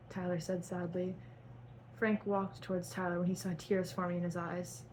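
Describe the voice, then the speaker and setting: A woman's voice: on the low side, little pitch movement, moderate pace, a little mellow, slight background noise, low-quality recording. A young woman reading her own fan fiction aloud in a melodramatic voice, stopping to cringe at the writing. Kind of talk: dramatic reading with asides.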